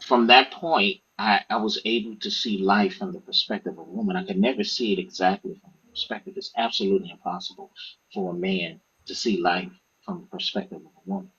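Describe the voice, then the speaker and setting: Appearing as an author on a podcast, a man tells stories in a casual, animated, profane way, doing the voices of the people in them. His husky voice swings widely in pitch and runs a little fast. The recording sounds dull and lo-fi.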